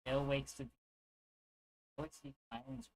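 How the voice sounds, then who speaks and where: A man's voice: mid-range voice, animated, moderate pace, low-quality recording. A young man chatting casually on a livestream, rambling and joking with crude asides. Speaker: streamer.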